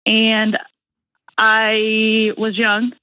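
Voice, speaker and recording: A woman's voice: on the high side, completely flat delivery, very slow, dry recording, dull audio. Hesitant young woman calling in from Indiana. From Indiana, USA. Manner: hesitant, earnest, with filler words. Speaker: caller. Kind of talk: phone-in conversation.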